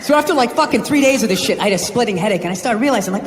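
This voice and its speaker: Loud ranting man doing stand-up. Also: high-pitched, expressive, very fast. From United States. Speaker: stand-up comedian. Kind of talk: stand-up comedy set. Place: comedy stage before a live audience. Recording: echoey live hall with crowd noise.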